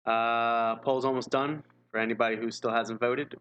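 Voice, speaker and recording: A man's voice: medium pitch, little pitch movement, normal speed, a bit bright, clear, resonant tone, lo-fi sound. A man streaming live, reading an interactive gamebook aloud and chatting casually, wry and self-mocking with frequent chuckles.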